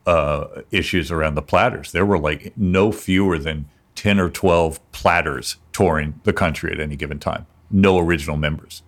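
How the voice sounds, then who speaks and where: A man's voice: extremely low pitch, fairly even intonation, normal speed, few pauses. A man co-hosting a podcast, talking casually and playfully, often restarting his sentences. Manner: rambling, self-interrupting, playful. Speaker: podcast co-host, music business lawyer.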